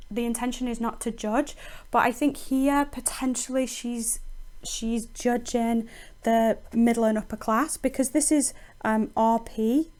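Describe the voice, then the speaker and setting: A woman's voice: a little high, a little mellow. A woman teacher explaining a poem in a recorded lesson, thinking aloud with frequent ums and restarts.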